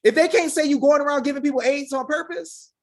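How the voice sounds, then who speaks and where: With a high voice and quick delivery, a woman who comments online on legal rights lectures her viewers in an impassioned, preachy way. She keeps calling them y'all and throws out rhetorical questions.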